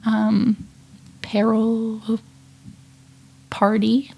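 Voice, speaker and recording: Young woman, casual review chat, teasing, quick asides, slightly high voice. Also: monotone, gravelly, darkish tone, husky. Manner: laughs often, quick asides, dry teasing. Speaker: co-host reviewing a cartoon episode.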